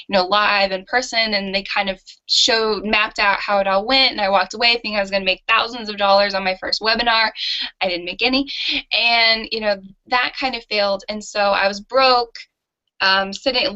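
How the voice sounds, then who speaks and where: Lively woman entrepreneur telling her story. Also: medium pitch. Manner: animated and self-mocking, with laughs. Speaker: entrepreneur guest. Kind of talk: candid storytelling interview. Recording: dull lo-fi audio.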